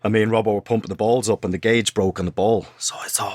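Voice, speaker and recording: A middle-aged man, a former footballer, telling animated stories in casual studio chat. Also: lowish voice, fast, no echo. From Ireland. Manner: animated anecdotes, acts out quotes, swears. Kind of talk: casual storytelling. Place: podcast studio.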